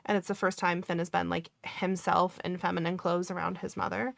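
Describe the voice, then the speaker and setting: A woman's voice: fairly low pitch, little pitch movement, brisk, vocal fry, dry recording. Playful woman in casual book chat. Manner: playful, emphatic, jokey asides. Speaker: podcast co-host.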